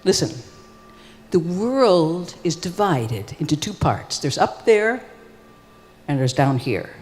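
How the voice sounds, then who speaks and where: A woman voicing a fired-up male ancient Greek poet who pitches a scheme in a loud, insistent, salesman-like way, in a live hall. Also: big pitch swings, takes it slowly. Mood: persuasive. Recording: long reverb of a live hall.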